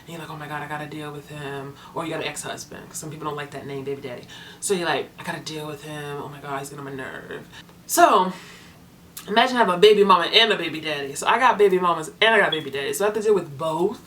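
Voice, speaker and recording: A young woman talking casually to her viewers as a foster parent vlogger, chatty and animated, acting out the people in her stories. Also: low voice, fast, slight background noise. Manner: chatty, animated storytelling with voiced quotes. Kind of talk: casual vlog chat to viewers.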